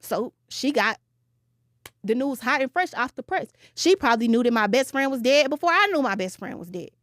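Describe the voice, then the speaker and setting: A woman's voice: high-pitched, normal speed, no echo, clean studio sound. Blunt, profane young woman. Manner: blunt and profane, animated retelling with quoted voices. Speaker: podcast guest telling her story. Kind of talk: candid storytelling, casual podcast chat.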